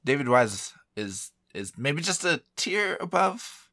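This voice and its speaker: A man's voice: on the high side, sing-song, slow pace, pushed and bright, dry recording, clean studio sound. A man co-hosting a video game podcast, chatting casually in an easygoing, joking way. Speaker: podcast co-host. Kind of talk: casual chat.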